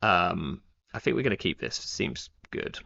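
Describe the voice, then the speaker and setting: A young man chats through his card game on a live stream, thinking aloud, full of fillers and restarts. His voice sits fairly low but rises and falls a lot as he talks. The stream audio is dull and lo-fi. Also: big pitch swings, measured pace, creaky, bright, forceful tone. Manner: rambling, thinks aloud with many fillers and self-corrections. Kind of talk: casual live-stream commentary.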